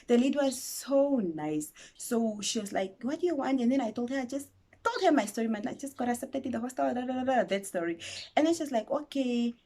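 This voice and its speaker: A woman in her twenties with a Namibian accent, telling a story to her vlog viewers in a dramatic, animated way. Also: on the high side, fairly quick. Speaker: YouTuber.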